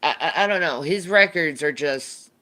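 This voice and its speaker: A woman's voice: low voice, moderate pace, pushed and bright. A woman livestreamer chatting casually and answering viewer questions, rambling and laughing, often restarting her sentences.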